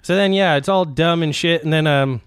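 A man's voice: fairly high pitch, normal speed, smooth, no echo, clean studio sound. A man casually telling a long rambling story on a podcast, cursing freely and laughing as he goes. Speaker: podcast host.

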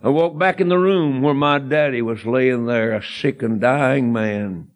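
Folksy evangelist man, slow delivery. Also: medium pitch. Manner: folksy, fervent, building to shouted emphasis. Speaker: evangelist preacher. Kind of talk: sermon storytelling.

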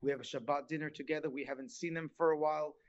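Man in his forties, measured storyteller, slightly high voice, muffled lo-fi sound. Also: steady tone. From Israel. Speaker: interview guest. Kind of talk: calm storytelling. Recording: muffled lo-fi audio.

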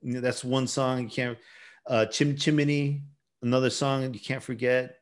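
A man's voice: medium pitch, steady tone, normal speed. A man co-hosting a podcast, chatting in an easygoing way and laughing often. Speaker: podcast co-host. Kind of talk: casual chat.

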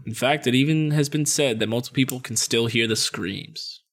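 A man's voice: mid-range voice, normal speed, fairly bright tone. A young man co-hosting a podcast, reading a ghost story aloud and cutting in with his own jokes. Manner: reads the story, breaks off for jokes. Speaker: podcast co-host.

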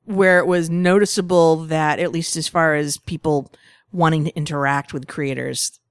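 A podcast co-host speaking calmly with a dry, wry touch in casual chat. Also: medium pitch, moderate pace, clean tone, no room sound.

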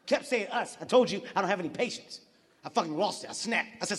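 A man performing a live stand-up routine, profane and shouty as he tells his stories. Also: sits high, racing, noisy background. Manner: profane, shouty, animated storytelling. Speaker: stand-up comedian. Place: large live venue. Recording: live venue with reverb and audience. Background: audience laughter.

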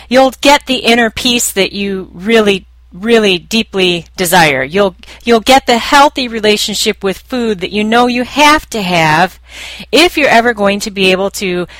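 A woman's voice: a little high, fairly bright tone, dry recording. Emphatic woman hosting a coaching podcast. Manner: emphatic, repetitive, direct to listener. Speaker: podcast host and weight loss coach. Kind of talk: scripted podcast monologue.

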